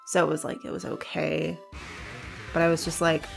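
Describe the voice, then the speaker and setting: A woman's voice: low-pitched, monotone, moderate pace, vocal fry, faint music behind. A woman co-hosting a video game playthrough, chatting casually and telling rambling stories. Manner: chatty, rambling storyteller who laughs often. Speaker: let's play co-host. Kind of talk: casual chat over gameplay.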